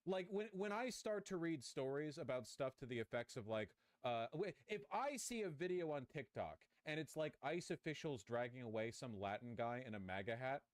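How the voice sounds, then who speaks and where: A man's voice: medium pitch, expressive, moderate pace, few pauses, no echo. A man hosting a live stream, reacting to clips in rambling, profane commentary with frequent restarts. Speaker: streamer host.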